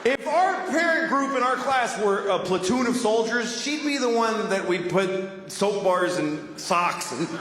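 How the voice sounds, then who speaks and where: Ranting stand-up comedian, animated delivery. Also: male voice, high-pitched, measured pace. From Boston. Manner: profane, ranting, loud shouted bits. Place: comedy venue on stage. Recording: echoey room with audience laughter.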